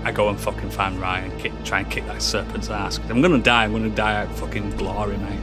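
A man's voice: fairly low pitch, flat delivery, fast, music in the background. A man playing his character in a tabletop game, brash and swearing heavily. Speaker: player.

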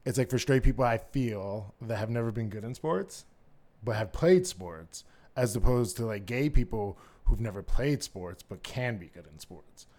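Campy, animated male-voiced storyteller. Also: lowish voice, moderate pace. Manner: campy, animated storyteller calling everyone "girl"; laughs while telling stories. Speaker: podcast co-host. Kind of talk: casual chat.

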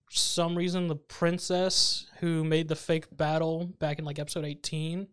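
A man's voice: fairly high pitch, little pitch movement, moderate pace, a bit bright, smooth. A man co-hosting a podcast in casual chat, chiming in with brief, wry remarks. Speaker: podcast co-host.

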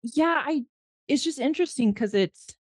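A woman's voice: high voice, expressive, moderate pace, no echo. A woman in her thirties, a mother and podcast guest, telling her story in an earnest, reflective way. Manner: earnest, reflective, emotional retelling. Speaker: guest, mother of a child with special needs. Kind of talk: candid interview storytelling.

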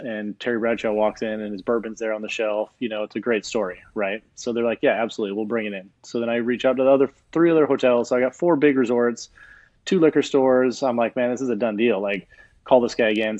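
A man's voice: medium pitch, dry recording, highs cut off. A man, a chef from Hawaii, telling a story in a casual interview and acting out what other people said. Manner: animated storyteller who acts out other people's lines. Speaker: chef and guest.

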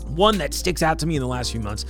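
A man's voice: a little high, animated, fast talker, soft background music. A man hosting a podcast, talking casually in a rambling, apologetic way with laughs between thoughts. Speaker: podcast host. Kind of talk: casual solo intro to camera.

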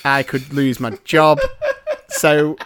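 A man's voice: a little high, flat delivery, slow, a bit bright, smooth, no echo. A man hosting a podcast, chatting casually and joking at his own expense with nervous restarts. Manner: joking, self-mocking, restarts when nervous. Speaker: podcast host. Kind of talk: casual chat.

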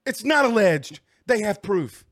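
A high-pitched man delivers a heated sports rant straight to his listeners. He repeats himself for emphasis and keeps pushing his point in a casual, talk-show way. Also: sing-song, unhurried, fairly bright tone. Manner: heated, repetitive, talks straight at the audience. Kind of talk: casual ranting commentary.

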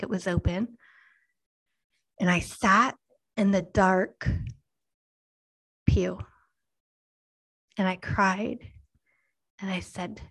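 Woman, 30s, devotional talk to mothers, earnest, very slow and deliberate, occasional hushed near-whisper. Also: mid-range voice, rough recording. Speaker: Christian speaker to mothers.

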